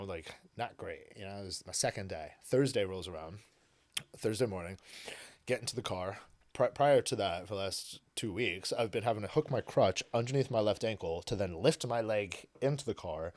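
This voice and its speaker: A man with a somewhat low voice tells a story as a guest in casual podcast chat. He talks in an animated way, swears freely and fills his sentences with "like" and "you know." The sound is close and dry. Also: no room sound.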